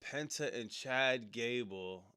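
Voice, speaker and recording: A man streaming a casual reaction chat, slangy and rambling, and working himself up into loud, incredulous rants. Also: medium pitch, slow, clean tone. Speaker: streamer reacting to a wrestling show.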